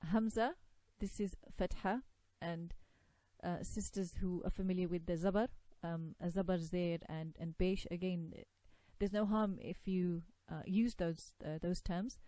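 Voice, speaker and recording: A woman leads a tajweed lesson, patiently sounding out Arabic letters one by one for her students to repeat. Her voice sits low and mellow. The recording is close and dry, with no room echo. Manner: patient, repeats sounds slowly for learners to copy. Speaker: Quran recitation teacher.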